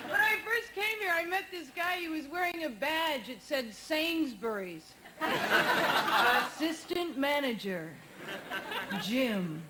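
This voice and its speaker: A woman performing a stand-up comedy routine on a TV studio stage, with a wry, punchy deadpan delivery. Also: sits high. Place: TV studio stage with a live audience. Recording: noisy old 1980s TV broadcast tape.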